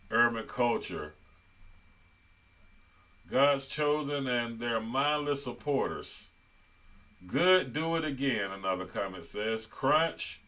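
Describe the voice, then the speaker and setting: Male commentary host, mid-pitched, casual, reads comments aloud. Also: fairly bright tone. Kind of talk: online commentary.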